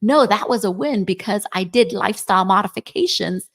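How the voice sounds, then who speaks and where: Her voice is mid-range, expressive and fairly bright, moving at a fairly quick clip. She's a woman in her forties co-hosting a podcast, chatty and casual, frequently ending points with "right?".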